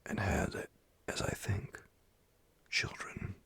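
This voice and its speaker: A man voicing a calm ghostly spirit in a whispered role-play, speaking quietly and measured. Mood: solemn.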